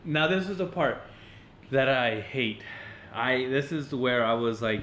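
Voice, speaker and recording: A man's voice: mid-range voice, a little slow, reverberant, slight background noise. A young man co-hosting a podcast, chatting casually about a film with lots of laughs and swearing. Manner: animated, laughing, swears a lot. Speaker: podcast co-host. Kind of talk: casual movie chat.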